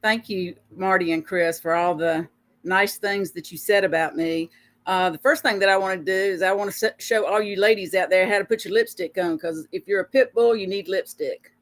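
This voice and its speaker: A woman's voice: medium pitch, normal speed. A woman in her sixties from Georgia with a Southern accent, introducing herself in a chatty, folksy way on a video call. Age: 60s. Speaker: guest speaker. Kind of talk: self-introduction on a live webcast.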